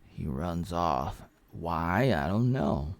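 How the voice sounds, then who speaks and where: Gravelly low-voiced man rambling a film recap. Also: expressive, slow pace, no room sound. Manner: rambling, jokey retelling with acted-out quotes. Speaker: film reviewer. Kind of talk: casual spoken film recap.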